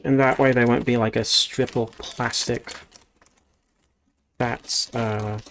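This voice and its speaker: Gravelly man rambling casually. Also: medium pitch, level tone, slow pace, a bit bright, slight background noise. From Australia. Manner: rambling, thinking aloud with frequent restarts. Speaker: streamer. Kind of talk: casual livestream chat while building.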